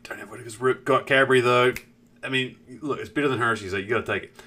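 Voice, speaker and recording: A young man with a thick southern New Zealand accent chats on a live game stream, drifting off his story to greet viewers and swearing casually. His voice is bright and lively, and his pitch sits at an ordinary middle height. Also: quick pace. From South Island, New Zealand. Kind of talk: casual live-stream chat while gaming.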